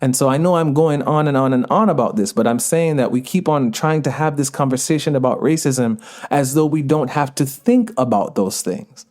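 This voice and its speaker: A man's voice: mid-range voice, normal speed, few pauses, darkish tone. Man, Jamaican-tinged accent, podcast guest, earnest, emphatic, mid-range voice, laughs easily. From United States. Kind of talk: casual conversation.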